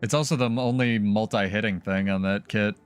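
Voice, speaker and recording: A man's voice: fairly low pitch, steady tone, brisk, clean tone, faint music behind. A man streaming gameplay and chatting casually, with laughing, swearing banter. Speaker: game streamer.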